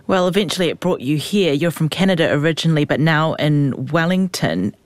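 Woman interviewer, fairly low voice, attentive and encouraging, dry close sound. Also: animated, brisk, no echo. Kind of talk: casual interview.

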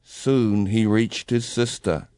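A man's voice: on the low side, fairly even intonation, takes it slowly, a little mellow, clean tone, no room sound, studio quality. A man telling a legend aloud in a dramatic storybook reading. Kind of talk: storybook narration.

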